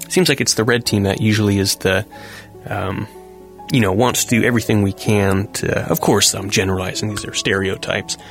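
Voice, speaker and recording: Guy hosting a news chat show, rambly, keeps correcting himself, normal pitch voice, faint music under it. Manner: rambling, self-correcting, chuckles often. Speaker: host. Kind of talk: casual news commentary.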